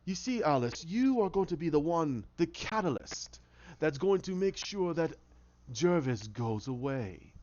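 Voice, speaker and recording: A man's voice: on the high side, big pitch swings, measured pace, darkish tone. A man voicing a meek scientist who is really a sinister hatter villain, swinging between pleading and cold menace, on a dull lo-fi recording. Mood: cold menacing.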